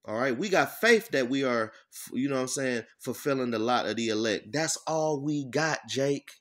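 A man giving an informal sermon. He reads verses slowly, breaks them down bluntly with profanity, and keeps checking in with "all right?". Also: mid-range voice, a bit bright. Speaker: scripture teacher. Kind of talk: informal sermon with scripture reading.

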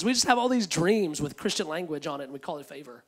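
A man giving a sermon as a guest preacher, in a conversational, repetitive style that drops soft for emphasis. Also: a little high, animated, quick pace, slight background noise.

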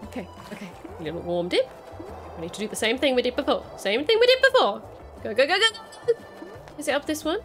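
A young woman giving excitable let's-play commentary, squealing, panicking and repeating herself as she plays. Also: on the high side, quick pace, faint music behind. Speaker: gaming YouTuber.

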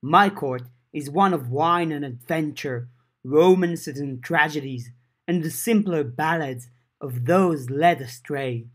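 A man voicing a proud fairy man of the summer court in a fan audiobook, speaking in a slow, grand, theatrical way. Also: on the high side. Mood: grandiose. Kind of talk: audiobook character voice.

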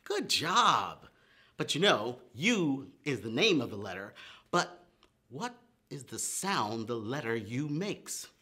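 A man's voice: medium pitch, very animated, slow, bright, forceful tone, husky. A man leading a preschool storytime lesson, playful and exaggerated, with gasps and whoops for young children.

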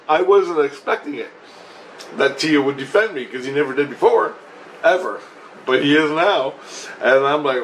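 A man telling a rambling, profane story in a casual vlog, getting excitable as he goes. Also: mid-range voice, moderate pace, slight background noise, rough recording. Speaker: vlogger.

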